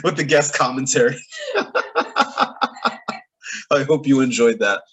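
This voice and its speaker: A man giving a casual, opinionated TV episode recap, animated and often laughing between points. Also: medium pitch, moderate pace, long pauses, background noise. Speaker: TV recap reviewer. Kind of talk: casual reaction review.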